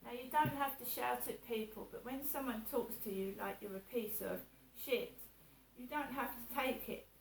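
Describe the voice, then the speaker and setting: A woman's voice: a little high, normal speed, gravelly, few pauses, noisy background. Chatty woman vlogging in an echoey room. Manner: chatty, repeats herself, acts out others' words. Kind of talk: casual personal vlog. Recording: echoey room, voice a little distant, faint background ambience.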